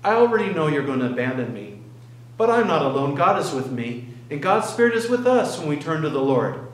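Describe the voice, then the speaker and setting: A man's voice: on the high side, sing-song, brisk, roomy sound, low-quality recording. A man voicing Jesus encouraging his followers not to be afraid. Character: Jesus, calm and reassuring to his disciples.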